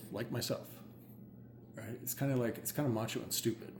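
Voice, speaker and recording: A man who works as a hypnotherapist, chatting casually and excitedly, rambling with many "like"s. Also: lowish voice, brisk. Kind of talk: casual chat. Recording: roomy with faint ambient noise.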